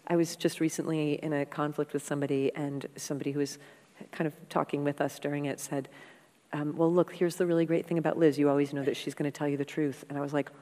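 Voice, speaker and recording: A woman guest in an interview, telling stories in a frank, animated, conversational way and swearing freely. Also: low-pitched, quick pace. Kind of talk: candid conversational storytelling. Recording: long hall reverb.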